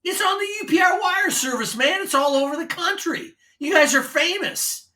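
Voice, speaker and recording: A man putting on the voice of a booming, hyped-up morning radio disc jockey. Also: expressive, pushed and bright, recorded from a distance, exaggerated voice. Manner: booming, fast hype patter.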